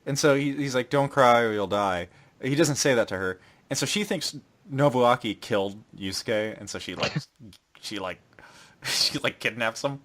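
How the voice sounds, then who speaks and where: A man's voice: mid-range voice, moderate pace, fairly bright tone. A young man co-hosting a casual podcast, recapping an anime and acting out its characters' lines in shifting voices. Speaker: podcast co-host.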